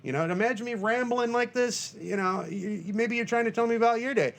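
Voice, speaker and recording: A podcast host from Northern Michigan rambles through a casual solo episode, joking and running himself down. His voice is very high, fast, creaky, and fairly bright.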